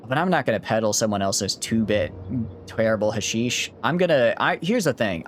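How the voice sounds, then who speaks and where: A man with a mild Southern US accent streams a game in a chatty, rambling way, stopping often to correct himself. His voice sits fairly low but swings lively up and down as he talks. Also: a little hiss or hum. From Southern United States. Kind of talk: casual gameplay commentary.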